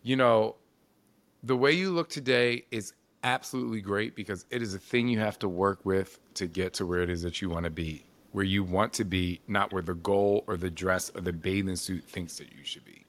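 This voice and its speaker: A man in his forties telling stories in a casual interview, animated and expressive, peppering his speech with "like" and the odd swear word. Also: sits low, normal speed. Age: 40s.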